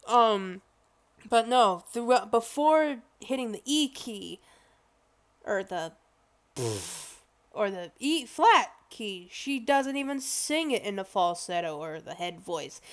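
A woman vlogger giving casual, rambling music commentary, excitable and full of exclamations and restarts. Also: a little high, slow.

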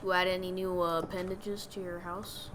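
A woman's voice: lowish voice, little pitch movement, normal speed, slight background noise. A woman chatting casually with a friend while playing a game, playful and slangy. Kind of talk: casual gaming chat.

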